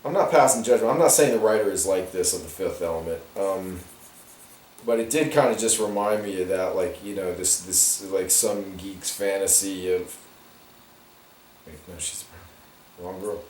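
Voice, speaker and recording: A man's voice: lowish voice, normal speed, a little mellow. A man talking while he colors comic pages, ranting in a rambling way with many restarts and asides. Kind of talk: rambling casual monologue. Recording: roomy echo, distant from the mic.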